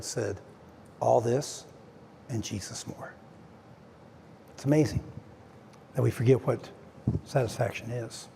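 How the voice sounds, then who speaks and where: A man's voice: mid-range voice, vocal fry, warm tone. A man preaching a conversational sermon to his church, with frequent stammered restarts. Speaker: pastor. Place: church sanctuary. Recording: long hall reverb, faint noise.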